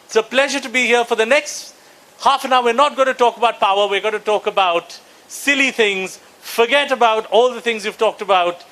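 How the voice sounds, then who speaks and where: Brief: male comedian from Bengal, high pitch, bright edge, animated and mock-indignant. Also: fairly quick, poor audio. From Bengal, India. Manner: animated, mock-indignant, bursts into shouting impressions. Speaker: stand-up comedian. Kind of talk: stand-up comedy set at a conference. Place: conference hall before a live audience.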